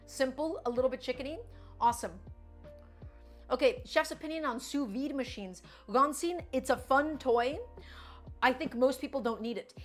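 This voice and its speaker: A woman streaming from her home kitchen, chatting and coaching viewers through each cooking step. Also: fairly high pitch. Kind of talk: live-stream cooking chat.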